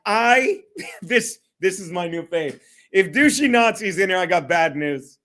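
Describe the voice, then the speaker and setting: Expressive and fairly bright, his high voice moves at a measured pace. He's a man running a casual solo livestream, rambling along, cursing freely, and laughing often.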